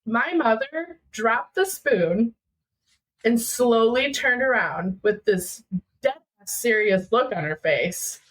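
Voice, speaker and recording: A woman's voice: fairly high pitch, slow pace, rough recording. A young woman from Minnesota telling a personal story as a podcast guest, acting out what family members said. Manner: animated, acting out family dialogue.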